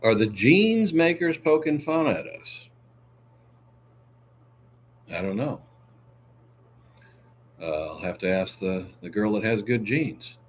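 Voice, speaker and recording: A man's voice: fairly low pitch, very animated, slow, pauses often, a little hiss or hum. A man hosting a casual livestream, reading viewer comments aloud with a joking manner, lots of laughs and filler sounds.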